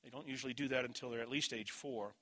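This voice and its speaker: A middle-aged man preaching with an earnest, teaching manner, weaving a personal story into his message. His voice is bright and sits at an ordinary pitch for a man. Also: steady tone, quick pace. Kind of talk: sermon.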